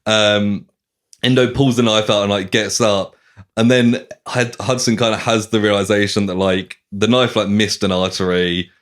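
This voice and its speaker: Low-voiced man retelling a story. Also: normal speed. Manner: animated retelling, acting out lines with swearing and laughs. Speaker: podcast host retelling a novel. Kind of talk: casual chat.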